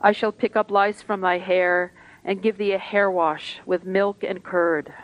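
A woman's voice: mid-range voice, steady tone, measured pace, dull audio, close to an everyday voice. A woman voicing a simple, devoted young shepherd boy in an earnest, pleading manner while reading a spiritual story aloud.

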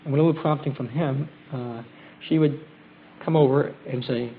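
Gravelly man on an old tape. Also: mid-range voice, steady tone. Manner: halting, many fillers and restarts, gentle and reflective. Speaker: group member sharing trip experiences. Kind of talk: casual spoken testimony at a gathering. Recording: dull lo-fi tape with faint hiss.

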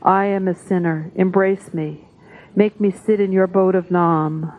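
A woman reading devotional texts aloud at a spiritual gathering, in a measured, solemn way. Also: fairly low pitch, fairly even intonation. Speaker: satsang reader. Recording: tinny phone-like audio.

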